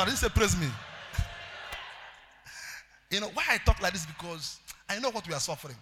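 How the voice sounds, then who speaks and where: A male pastor preaching a sermon, calling out to the congregation and building up to loud shouted declarations. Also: high voice, very animated, normal speed, vocal fry, long pauses, long reverb tail. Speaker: pastor, evangelist.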